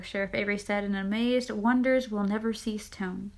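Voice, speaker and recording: Woman reading aloud, slightly high voice. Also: steady tone, fairly quick, few pauses, a bit bright. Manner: chatty, laughing asides between passages. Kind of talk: casual read-aloud of a novel.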